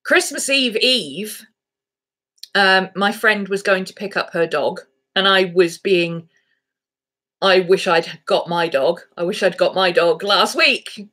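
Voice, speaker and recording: A woman's voice: medium pitch, slow pace, pushed and bright. A woman vlogger chatting casually to camera, rambling through a story and cooing baby talk at her dogs.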